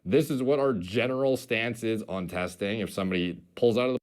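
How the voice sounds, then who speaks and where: A man's voice: lowish voice, brisk, a little mellow. A man giving casual commentary in a video, rambling with lots of fillers and swearing. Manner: rambling, filler-heavy, profane.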